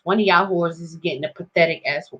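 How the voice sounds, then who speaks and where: A woman's voice: fairly low pitch, fairly even intonation, fast, fairly bright tone, muffled recording. A woman ranting to her viewers in a casual, profane vlog, rambling in street slang and constantly asking if they understand. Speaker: vlogger.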